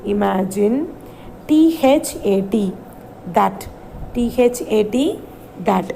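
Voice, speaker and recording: A woman's voice: a little high, slow, warm tone, a little hiss or hum, low-quality recording. A woman teacher with an Indian English accent, giving a recorded reading lesson to young children, spelling out words letter by letter and asking them questions. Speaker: primary school English teacher.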